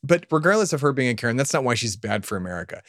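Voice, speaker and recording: A man's voice: mid-range voice, big pitch swings, very fast, fairly bright tone, no room sound, studio quality. A man co-hosting a casual political podcast, rambling and sarcastic, often laughing at his own jokes. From Texas, US. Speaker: podcast co-host.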